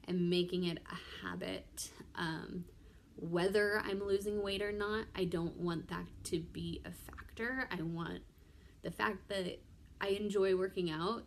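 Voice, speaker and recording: A young woman vlogger chatting casually to camera, rambling with many ums and restarts. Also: fairly low pitch. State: pregnant.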